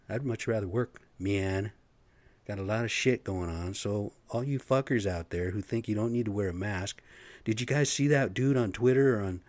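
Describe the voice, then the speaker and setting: A man's voice: lowish voice, a little mellow, no echo. A man in construction giving a profane, agitated, rambling solo rant.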